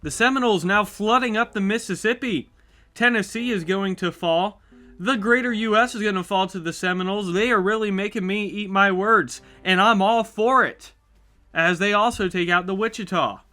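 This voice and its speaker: A YouTube host with a high voice gives chatty, upbeat play-by-play of a map simulation on his channel, speaking at normal speed. He reacts with excitement as faint music plays behind him.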